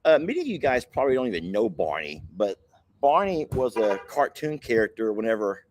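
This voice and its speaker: A man's voice: fairly low pitch, sing-song, fairly quick. A man hosting a casual vlog, chatty and playful, teasing himself as he talks. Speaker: host.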